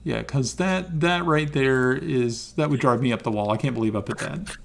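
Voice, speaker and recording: A man's voice: medium pitch, moderate pace, creaky, a little hiss or hum. A man with a Southern American accent, chatting casually as a streamer and dungeon master, laughing often and swearing lightly.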